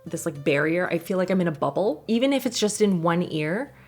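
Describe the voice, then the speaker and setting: Woman vlogger, lowish voice, rambling and giggly, faint music behind. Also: animated, brisk, a little mellow. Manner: chatty, rambling, laughs often, many fillers. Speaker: lifestyle vlogger. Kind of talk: casual product vlog. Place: home.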